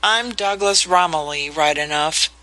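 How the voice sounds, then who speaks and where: A reader voicing a peevish young gentleman. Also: mid-range voice, a little slow, poor audio. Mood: pettish. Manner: pettish, offhand.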